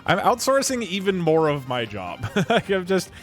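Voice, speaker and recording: An animated male streamer with a lively, bouncing pitch that sits a little high, rambling and thinking aloud as he goes. Faint music plays underneath. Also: normal speed. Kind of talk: casual live-stream chat.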